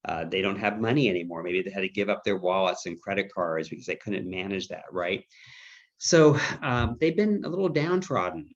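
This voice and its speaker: Middle-aged man, low voice, chatty webinar presenter, slightly dull audio. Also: expressive, moderate pace. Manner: conversational, anecdotal, acts out quoted dialogue. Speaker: dementia care trainer.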